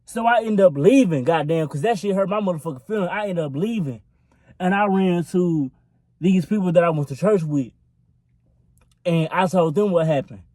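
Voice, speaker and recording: A man's voice: sits high, normal speed, a little mellow, no echo. A young man telling a storytime vlog into his phone in a rambling, profane, filler-laden way. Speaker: vlogger. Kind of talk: casual storytime.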